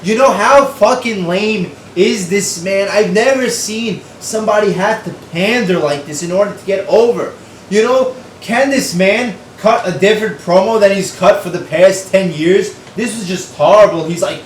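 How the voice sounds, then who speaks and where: Brief: young man, ranting show reviewer, swears freely, fairly high voice, roomy echo, mic set back. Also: normal speed, distant mic, slight background noise. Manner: profane, exasperated, sarcastic.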